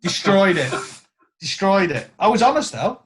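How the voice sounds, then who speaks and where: Animated man telling stories. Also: high-pitched, normal speed. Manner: animated storyteller acting out quotes. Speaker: guest guitarist. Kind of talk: casual podcast chat.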